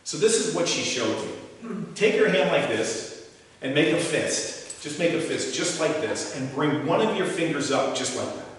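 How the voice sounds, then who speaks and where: A man in his sixties gives a motivational talk, questioning the audience and telling stories animatedly. His voice sits a little high for a man. It comes from far off in a big, echoey hall with a long reverb tail. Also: lively intonation, normal speed, slight background noise. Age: 60s. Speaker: motivational speaker.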